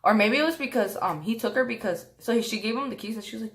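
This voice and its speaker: Low-voiced young woman rambling through a story. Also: fast, fairly bright tone. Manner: rambling with many fillers and restarts. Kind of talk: casual storytime vlog.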